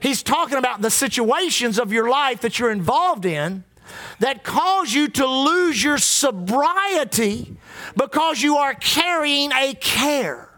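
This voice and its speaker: A man's voice: very high voice, lively intonation, slow pace, bright, forceful tone. A man preaching a sermon as pastor, impassioned and repetitive, drawing out emphatic lines.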